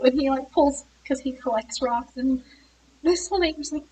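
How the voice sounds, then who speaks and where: A woman's voice: sits high, measured pace, a little mellow, far from the mic, slight background noise, low-quality recording. A woman reviewing a book, retelling its plot in a chatty way with frequent laughs and fillers.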